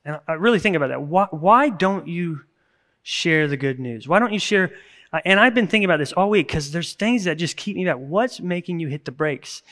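A man's voice: fairly high pitch, expressive, a little fast, pushed and bright. A man in his thirties, a pastor preaching a sermon in a conversational, earnest way, breaking into sudden bursts of emphasis. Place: church service recording.

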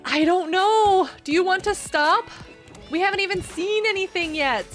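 Excitable high-voiced woman gaming streamer. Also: moderate pace, faint music behind. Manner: playful, excitable, scolds teammates in mock outrage. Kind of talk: casual gameplay commentary.

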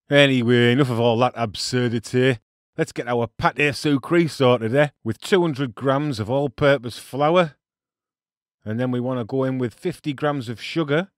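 A man with a broad Teesside accent talks through a recipe in a relaxed, jokey way. He peppers his steps with local slang and mangled French. His voice sits at a middling pitch and sounds dry and close to the mic. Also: no room sound. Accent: Teesside English. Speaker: cooking show host. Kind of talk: casual cooking demonstration.

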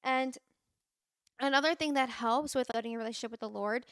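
A woman's voice: fairly high pitch, brisk, a bit bright, no echo, clean studio sound. A young woman hosting a podcast, talking casually and earnestly about faith, with lots of fillers and restarts. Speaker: podcast host. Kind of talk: casual faith talk to listeners.

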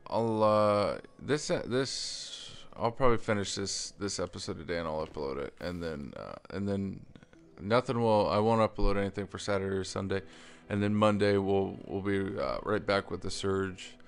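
A man's voice: deep voice, moderate pace, gravelly, few pauses, clear, resonant tone. A man giving casual commentary over his own game, rambling with lots of fillers, restarts and the odd stutter, and swearing when surprised. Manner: stutters while explaining. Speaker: let's play gamer.

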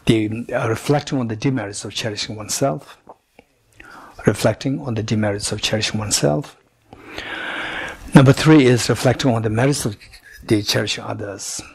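A man giving a Buddhist retreat teaching, repeating each point slowly and deliberately and pausing for an interpreter. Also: mid-range voice, husky. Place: retreat center teaching room.

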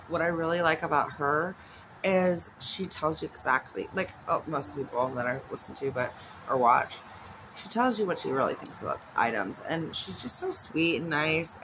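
A woman's voice: deep voice, lively intonation, normal speed, background noise. A woman vlogging at home in a casual, chatty way, rambling off into asides. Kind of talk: casual chat. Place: at home with her dog nearby.

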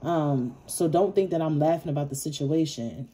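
Low-voiced woman reading tarot, profane and blunt. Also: normal speed, dark tone. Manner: blunt, profane, chuckles nervously. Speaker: tarot reader. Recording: audible background noise.

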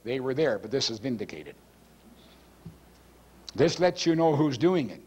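A male pastor preaching a teaching sermon from a church pulpit, forceful and emphatic, swinging his pitch widely and often clearing his throat. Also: sing-song, unhurried.

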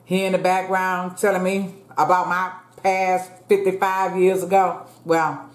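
Unhurried and flat in delivery, a woman in her fifties speaks in a lowish voice as she eats on camera. The food vlogger chats casually with her viewers, calls them "y'all," and prays aloud, and the room around her echoes.

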